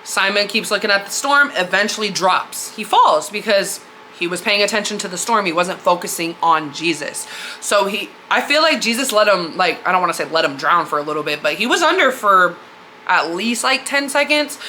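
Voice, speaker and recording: A woman's voice: medium pitch, animated, fairly quick, bright, forceful tone, slight background noise. A woman hosting a podcast, retelling a story in a candid, slangy, conversational way. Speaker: podcast host. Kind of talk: casual spiritual storytelling.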